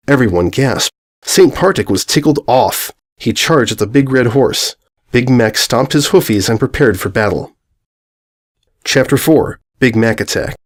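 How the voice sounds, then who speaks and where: A man reads a ridiculous story aloud in a flat, mock-serious deadpan, playing the absurd lines straight. His voice sits at an ordinary middle pitch for a man. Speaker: fan fiction reader. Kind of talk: comedic dramatic reading.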